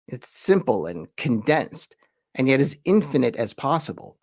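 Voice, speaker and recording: A man explains in an easygoing, chatty lesson, his voice sitting at a middling pitch. He slows down and leans on each word when reading quoted verses, and the recording is dry and close with no room sound. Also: no room sound. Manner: reads quoted verses slowly with emphasis; relaxed, chatty explaining with asides. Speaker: host and teacher. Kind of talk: conversational lesson.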